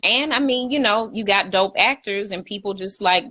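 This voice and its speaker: A woman's voice: mid-range voice, normal speed, bright, forceful tone, no echo. A young woman co-hosting a casual live chat, talkative and laughing, reading out viewer comments. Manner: chatty, laughs often, reads out viewer comments. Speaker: co-host.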